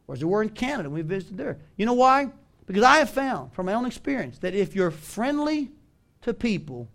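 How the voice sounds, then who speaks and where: With a high-pitched voice and a Southern US drawl, this pastor from the American South delivers a lively, forceful sermon and urges the congregation to answer back.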